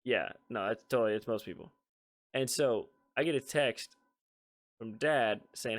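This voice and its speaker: A man co-hosting a casual podcast, telling a rambling family story with an amused edge. His voice sits at a middling pitch and he keeps the chat relaxed and conversational. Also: measured pace. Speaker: podcast co-host.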